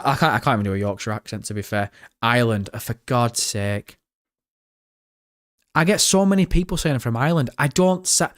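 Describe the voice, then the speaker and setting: A man's voice: mid-range voice, expressive, brisk, fairly bright tone, no room sound, studio quality. A man with a northern English accent, live-streaming reaction commentary in a chatty, joking way, reading viewer messages aloud. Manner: chatty, jokey, reads chat aloud.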